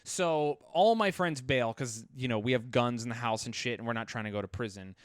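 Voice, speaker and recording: A man's voice: medium pitch, fairly quick, dry recording, clean studio sound. A young man co-hosting a podcast, telling a story in casual chat. He swears a lot and acts out the people he quotes in raised voices. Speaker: podcast co-host.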